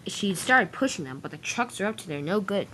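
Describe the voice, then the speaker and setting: A woman's voice: medium pitch, expressive, brisk, pushed and bright, slight background noise. A woman narrating a storybook-style toy train adventure, reading steadily with small restarts.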